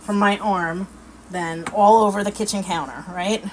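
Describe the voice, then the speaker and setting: A woman's voice: medium pitch, steady tone, moderate pace. A middle-aged woman, chatting folksily and laughing as she demonstrates a recipe in her home kitchen. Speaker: cooking vlog host. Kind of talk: casual cooking demonstration. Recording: loud background noise.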